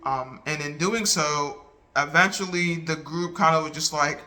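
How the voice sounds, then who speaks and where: Man vlogging, piercing bright voice, slightly high, earnest, restarts a lot. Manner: earnest, halting retelling with many restarts. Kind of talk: casual talk to camera.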